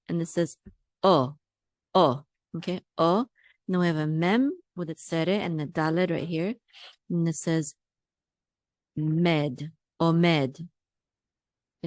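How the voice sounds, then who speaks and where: A woman teaching Hebrew pronunciation, patiently repeating words slowly for practice. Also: fairly low pitch, dry recording, studio quality.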